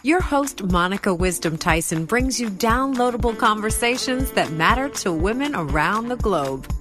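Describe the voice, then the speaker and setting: A woman's voice: mid-range voice, expressive, normal speed, over music. A woman reading a scripted podcast intro in a polished, upbeat announcer style. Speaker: show announcer.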